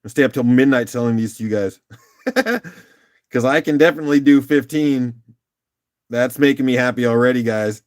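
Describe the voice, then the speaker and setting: A man's voice: medium pitch, normal speed, long pauses. A man hosting a casual live-stream rock auction, upbeat and chatty, calling out bids and laughing often.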